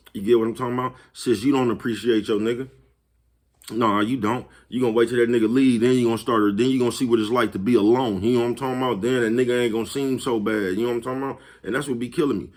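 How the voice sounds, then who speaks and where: A man's voice: mid-range voice, steady tone, fast talker, darkish tone. A man hosting his own vlog, talking casually and profanely, chuckling often and repeatedly asking whether you follow him. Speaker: vlog host. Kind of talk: casual motivational monologue.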